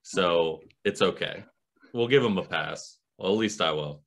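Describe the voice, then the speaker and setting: A man's voice: sits low, a little slow, a bit bright. A man co-hosting a movie review podcast, chatting casually and earnestly and laughing easily. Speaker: podcast co-host.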